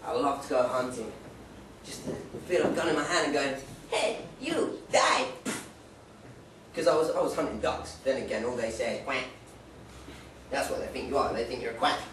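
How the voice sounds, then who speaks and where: A man's voice: mid-range voice, brisk, noisy background. A young man performing a rambling stand-up set in a pub, joking and slipping into playful put-on voices. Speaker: stand-up comedian. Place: pub stage. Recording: echoey pub from far off.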